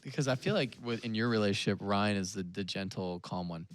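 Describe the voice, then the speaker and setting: A man's voice: lowish voice, a little fast, dry recording, studio quality. A man hosting as pastor, affirming his guest, laughing easily and asking questions. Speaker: pastor and podcast host. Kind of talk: casual chat.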